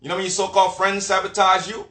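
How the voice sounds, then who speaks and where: A man's voice: sits high, flat delivery, racing, sharp tone. A man delivering a blunt motivational rant full of swearing and street slang, lecturing the listener directly. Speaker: motivational vlogger. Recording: echoey room.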